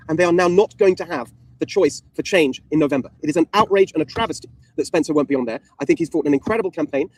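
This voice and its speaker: A man's voice: a little high, darkish tone, no room sound. A man speaking as a political candidate, emphatic and indignant in a campaign statement. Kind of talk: campaign speech.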